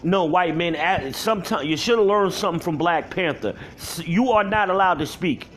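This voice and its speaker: A man shouts an angry rant into his camera alone at home, profane and heated. His voice sits fairly high, and a faint hiss runs under the recording. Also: moderate pace. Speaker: vlogger.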